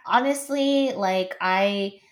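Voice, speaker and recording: A young woman in casual chat, supportive and warm-hearted toward her friend. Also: medium pitch, slow. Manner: supportive, frequent backchannels.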